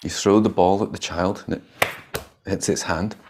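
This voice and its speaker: A man teaching meditation in a relaxed Buddhist dharma talk. His voice sits fairly low, and his delivery is lively and emphatic. He laughs often, repeats himself and lets a casual swear slip. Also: normal speed, background noise.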